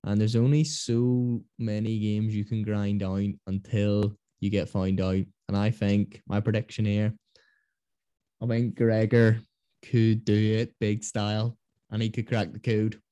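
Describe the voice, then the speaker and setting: A man's voice: lowish voice, flat delivery, unhurried, dark tone, smooth, dry recording. A man hosting a casual rugby podcast, telling rambling stories. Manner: chatty, rambling storyteller. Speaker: podcast host.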